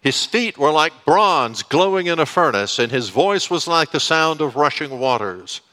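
A man preaching a sermon, slow and deliberate, with dramatic pauses. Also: on the high side, expressive, sharp tone. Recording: long reverb of a hall.

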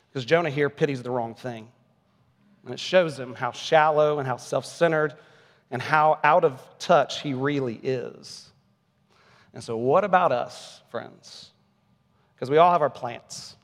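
A man's voice: medium pitch, unhurried, in a large hall. A man preaching a sermon as a pastor, earnest and emphatic, often posing rhetorical questions.

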